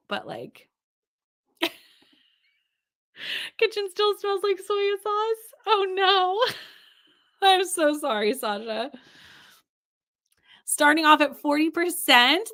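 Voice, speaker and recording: Bright-voiced woman chatting on a livestream. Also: on the high side. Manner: bubbly, laughs often, greets viewers warmly. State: tired. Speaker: livestream host. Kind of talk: casual livestream chat reading out viewer comments.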